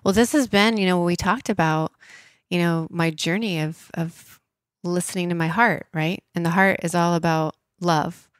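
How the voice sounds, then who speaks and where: A woman in her thirties, a podcast guest, telling a heartfelt personal story with many "like" fillers and soft hushed moments. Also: on the low side, fairly even intonation, moderate pace, dry recording, clean studio sound. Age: 30s. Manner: emotional, frequent "like" fillers, soft hushed inner voice at times.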